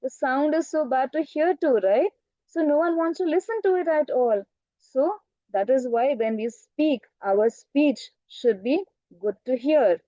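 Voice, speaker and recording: In an online storytelling lesson for children, a woman teacher with a high, unhurried, mellow voice tells a story and keeps asking the class questions. She often checks "right?" and "okay", and the recording is muffled with no room sound.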